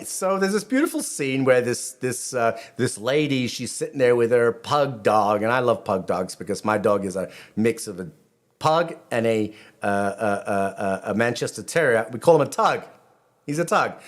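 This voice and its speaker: A middle-aged man, a rabbi hosting his own channel, talking casually and rambling with many restarts and asides. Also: medium pitch. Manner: rambling, self-interrupting, chatty asides. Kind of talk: casual video commentary.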